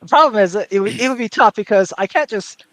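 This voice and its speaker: A man speaking in an articulate, measured way during a casual panel chat, with no regional accent. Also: sits high, lively intonation, fairly bright tone, no echo. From American South. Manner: articulate, measured, with many fillers and restarts. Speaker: panel guest.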